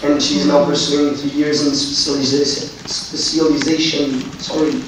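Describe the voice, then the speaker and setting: A man moderating a symposium, introducing the next speaker formally with pauses and fillers. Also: a little high, monotone. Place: large lecture hall. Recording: echoey hall, distant mic, noisy.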